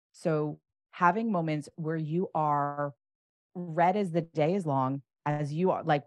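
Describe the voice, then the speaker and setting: A woman with a lowish voice and no echo coaches parents in an advice conversation, speaking animatedly and acting out sample phrases with emphasis.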